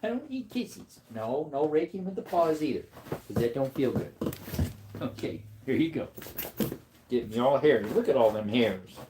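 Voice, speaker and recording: A man chatting casually on a livestream, rambling to his viewers and breaking into high baby talk with his dog. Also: lively intonation, moderate pace, pauses often, background noise.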